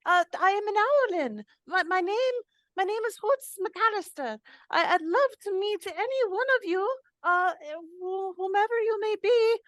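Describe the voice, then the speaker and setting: Tabletop role-play: woman playing a jittery male owl-folk, very high and stammering. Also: moderate pace, fairly bright tone, no echo. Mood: pleading. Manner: stammering, pleading. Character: nervous young male owl-folk sorcerer.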